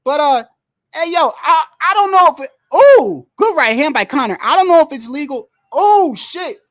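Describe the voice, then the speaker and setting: A livestream host giving casual, excitable fight commentary from home, full of slang, cursing and restarts. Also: high voice, normal speed. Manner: excitable, loud outbursts, frequent slang and cursing; rambling restarts and repeated words. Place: indoors at home, wind and street heard outside.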